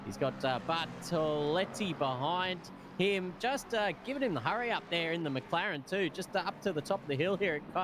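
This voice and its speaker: A high-pitched man commentates a sim race live, chatty and excitable. He laughs between calls. Steady noise sits under the stream audio. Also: a little fast, hardly any pauses.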